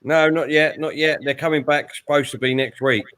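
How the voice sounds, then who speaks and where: A man hosting a live watchalong, giving relaxed play-by-play with fillers and asides. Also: fairly high pitch, normal speed. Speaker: host and fight commentator. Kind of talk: casual live watchalong commentary.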